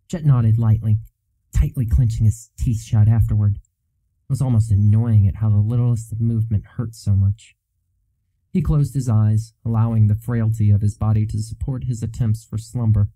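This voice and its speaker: Man with a deep, dark narrating voice. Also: steady tone, normal speed, no room sound, poor audio. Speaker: audiobook narrator. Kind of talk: scripted narration of a fantasy novel.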